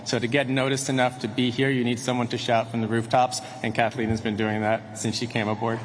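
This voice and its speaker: A man's voice: mid-range voice, flat delivery, brisk. A man who runs a restaurant giving an earnest acceptance speech, with some restarts. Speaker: restaurant owner accepting an award. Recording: reverberant hall with faint noise.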